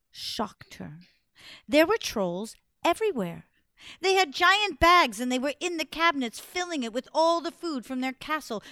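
A woman storyteller telling a fairy tale to listeners, playful and dramatic with pauses for effect. Her voice is high and swings widely in pitch. The sound is dry and close. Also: pushed and bright, no room sound. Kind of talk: animated storytelling to an audience.

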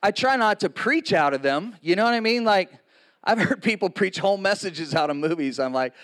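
A man's voice: sits high, animated, fairly quick, fairly bright tone. A man in his sixties preaching a sermon to a congregation, casual and joking, with frequent asides to the audience. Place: in front of a live congregation.

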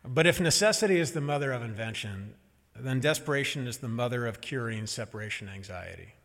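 A middle-aged man telling a family story on stage, animated and pausing for effect. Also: mid-range voice, creaky, in a large hall. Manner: animated, acts out quoted voices, pauses for effect.

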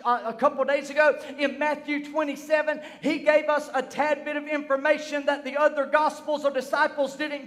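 A man preaching a fervent sermon, swinging between shouting and hushed tones. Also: very high voice, in a large hall.

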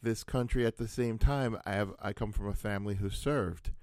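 A man's voice: lowish voice, normal speed, a little mellow, dry recording. A man hosting a casual conversation, musing aloud and wandering into asides as he thinks things through.

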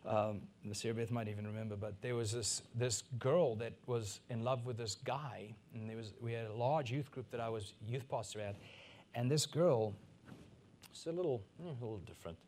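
A middle-aged man from Africa preaching a sermon as pastor, swinging between soft asides and loud, emphatic peaks. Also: mid-range voice, moderate pace, a little hiss or hum.

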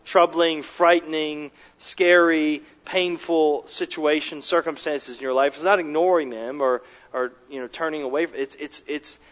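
Guy pastor preaching, kinda high voice, earnest, keeps restarting and punching words. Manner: earnest preaching with repeated restarts, emphatic rises. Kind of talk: sermon.

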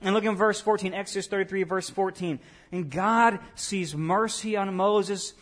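A pastor preaching a sermon in a conversational way, tossing questions and asides to the congregation. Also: male voice, high-pitched, steady tone, moderate pace.

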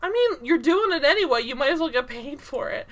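A woman's voice: sits high, animated, a little fast. A woman co-hosting a casual podcast, recapping a TV episode in a rambling way full of "like" and laughs. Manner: rambling, lots of "like", laughs while acting out scenes. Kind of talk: casual chat.

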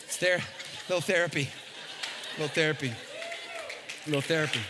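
A man preaching a sermon as pastor, animated and jokey, stumbling and repeating words. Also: on the high side, a little fast, a crowd in the background, background noise. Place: large church hall. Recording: long hall reverb.

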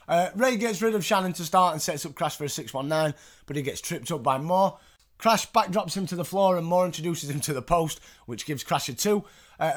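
A man's voice: a little high, fairly bright tone. Chatty man recapping wrestling. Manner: chatty, swears freely, with ums and asides. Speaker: podcast host. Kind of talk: casual recap commentary.

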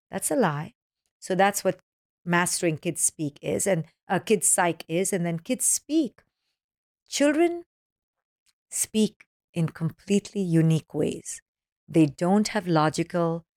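On a podcast, a woman who writes about parenting is interviewed, her voice fairly low and darkish. She speaks animatedly, explains things using acronyms, and mimics children's voices when quoting them. The recording is close and dry, with no echo.

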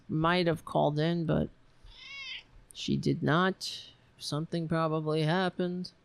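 A woman hosting a live stream, chatting casually in a rambling, halting way, reading viewer comments. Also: low-pitched, clean tone, no echo. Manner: rambling, halting, laughs often, chatty with cats. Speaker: livestream host.

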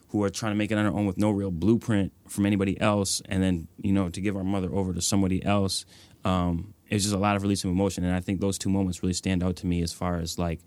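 As the guest in an interview, a young nonprofit executive director earnestly reflects on personal stories, his speech full of "like" and "you know." His voice is low-pitched and a little mellow, with no echo.

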